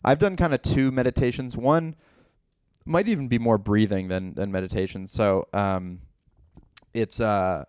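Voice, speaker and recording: Low, smooth-voiced young comedian. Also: male voice, a little slow, a little mellow, dry recording. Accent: Philadelphia. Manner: rambling, lots of filler words and swearing. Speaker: guest comedian. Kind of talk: casual podcast chat.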